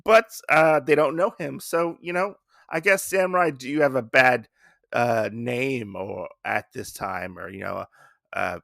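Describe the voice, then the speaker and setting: Male podcast host, chatty and enthusiastic, bright gravelly voice. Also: mid-range voice, no room sound, studio quality. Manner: enthusiastic retelling with many fillers. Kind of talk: casual comic book review.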